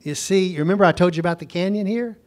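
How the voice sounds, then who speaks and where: A man working as a home missionary teaches a Bible lesson, telling an anecdote animatedly and acting out both sides of a conversation. His voice is high-pitched and fast.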